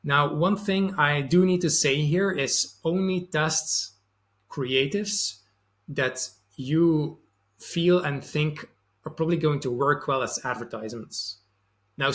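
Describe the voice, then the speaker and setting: A man's voice: on the high side, fairly bright tone. A young man hosting a sales channel, giving loose, conversational advice with frequent fillers. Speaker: sales and marketing channel host. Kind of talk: casual advice monologue to camera.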